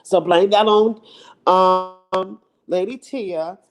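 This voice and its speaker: A woman's voice: medium pitch, steady tone, drawn-out words, faint music behind. A woman vlogger chatting casually and playfully to her viewers into her phone, laughing often as she teases.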